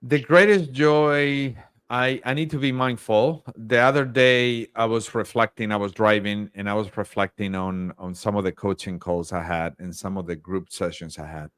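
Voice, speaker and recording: Upbeat male coach, lower register, dry close sound, animated self-quoting. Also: normal speed, smooth, no echo. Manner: upbeat, acts out his own thoughts in quotes. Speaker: leadership coach guest. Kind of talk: casual interview talk.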